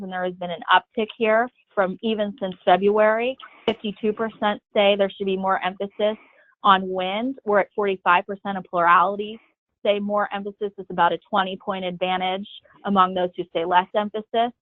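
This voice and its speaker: A woman presenting survey results in a webinar, walking steadily through each slide. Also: medium pitch. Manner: steady, methodical walkthrough of slides. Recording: tinny phone-line audio, dry.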